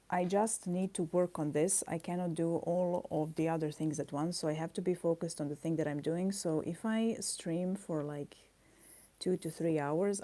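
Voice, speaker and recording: Soft-spoken woman rambling while drawing. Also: deep voice. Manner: soft, rambling, thinking aloud with pauses and fillers. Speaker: artist streaming her drawing. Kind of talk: casual live-stream chat while drawing. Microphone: camera mic.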